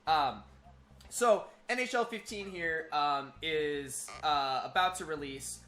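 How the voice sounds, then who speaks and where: A man's voice: fairly high pitch, takes it slowly, pushed and bright. A young man on a podcast, going through gaming news with lots of ums and reading out a long list. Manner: talks in bursts with many ums and uhs, reads out lists. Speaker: podcast co-host. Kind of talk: casual gaming news chat. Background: faint background music.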